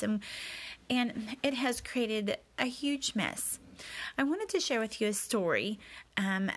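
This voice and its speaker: A woman's voice: a little high, a bit bright. A woman telling a personal story in a candid, confessional, reflective way as a podcast host.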